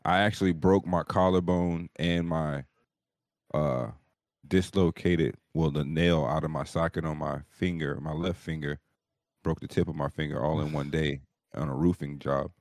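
Male, very low voice, dry close sound, profane animated storyteller, casual. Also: moderate pace, no echo. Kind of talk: casual storytelling on a live show.

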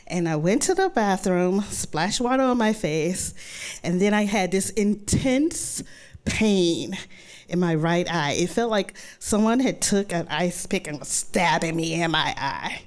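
Speaking in an unhurried, lowish voice, a woman shares a true story from her life with an audience. She keeps it lively and conversational, performing her own thoughts as she goes.

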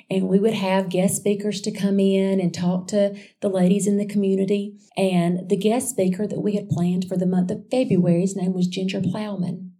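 A woman sharing a personal faith testimony in a chatty, animated storytelling way, calling her listeners y'all. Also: mid-range voice. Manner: chatty and animated, addressing listeners as y'all, with frequent restarts and asides.

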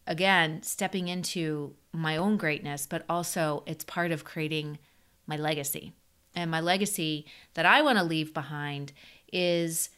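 A woman's voice: fairly low pitch, a bit bright. A woman hosting her own podcast, talking alone in a rambling, upbeat, motivational way with frequent small laughs. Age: adult. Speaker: podcast host. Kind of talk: solo podcast monologue.

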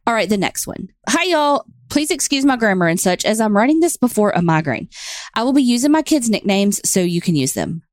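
A woman co-hosting a podcast, chatting and reading out a listener's story in a plain, steady way. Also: mid-range voice, fairly quick, no room sound, studio quality. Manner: reads letters aloud in a plain, steady way. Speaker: podcast co-host. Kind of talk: casual chat and reading listener stories.

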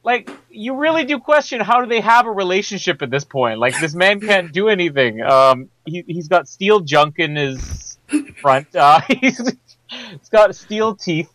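A man's voice: high-pitched, expressive, measured pace, a bit bright, dry recording, poor audio. A man co-hosting a podcast, joking through a casual film discussion and laughing as he talks. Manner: joking, laughs while talking. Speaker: podcast co-host.

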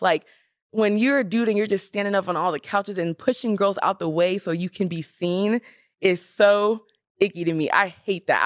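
Young woman podcast host, fairly low voice, dry close sound, sassy and emphatic chat. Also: no room sound. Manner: animated, emphatic, sassy asides. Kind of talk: casual chat.

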